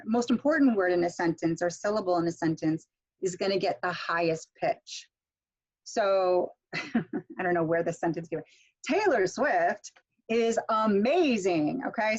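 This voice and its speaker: A middle-aged woman teaching English pronunciation in an online workshop, explaining step by step and saying example words slowly with clear stress. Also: mid-range voice, highs cut off.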